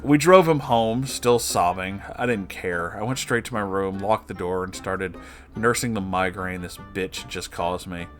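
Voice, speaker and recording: A man reading an online story aloud with expressive, sarcastic, swearing asides. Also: sits low, measured pace, soft background music. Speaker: story reader.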